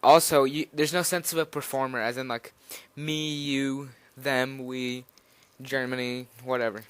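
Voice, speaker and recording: A young man talks through a beginner's lesson in a loose, slightly nervous way, stopping and restarting his sentences. His voice is smooth and clear, recorded close up with a dry, roomless sound. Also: medium pitch, little pitch movement, a little slow, no echo. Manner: nervous, rambling, hesitant with fillers and restarts. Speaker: language teacher. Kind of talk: informal spoken lesson.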